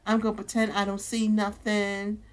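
A woman's voice: medium pitch, monotone, moderate pace, close to an everyday voice. A woman voicing a puzzled, dismissive young man character in a life-simulation game. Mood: incredulous.

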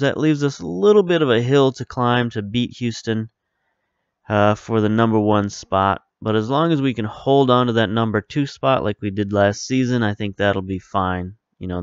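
A man's voice: fairly low pitch, clean tone, dry recording, highs cut off. A man hosting a video game series, talking casually and rambling through his thoughts, often stopping to correct himself. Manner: rambling, self-correcting, relaxed. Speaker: video game let's-play host. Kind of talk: casual commentary over gameplay.

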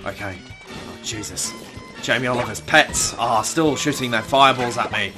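A man's voice: medium pitch, moderate pace, music in the background, close to an everyday voice. A man putting on the voice of a foul-mouthed, furious celebrity chef, swearing and sighing while commenting on a game. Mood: weary. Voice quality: constant swearing, exasperated sighs. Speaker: gamer doing a parody voice. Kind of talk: comedic gameplay commentary.

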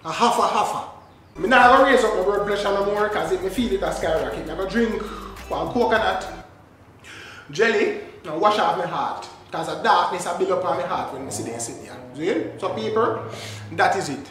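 High-voiced Jamaican man ranting. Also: lively intonation, moderate pace, fairly bright tone. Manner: mock-outraged rant in patois. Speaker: reaction video host. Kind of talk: comedic reaction commentary. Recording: echoey room with faint music.

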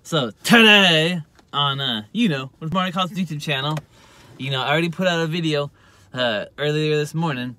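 Man, phone vlogger, rambling filler-heavy chat; bright, slightly high voice. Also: normal speed, a little hiss or hum. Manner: rambling, heavy use of "you know" fillers. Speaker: YouTube vlogger. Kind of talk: casual rambling monologue to camera.

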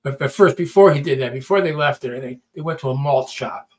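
A man's voice: medium pitch, a little fast. A middle-aged man telling a story in casual talk, acting out quotes and often repeating words. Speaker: podcast storyteller.

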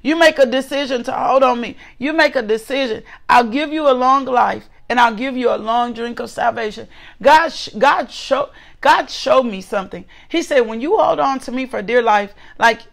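This woman in her forties reads scripture and preaches a devotional message as host, fervently repeating her phrases. Her voice sits on the high side with some vocal fry, and she speaks at a normal pace.

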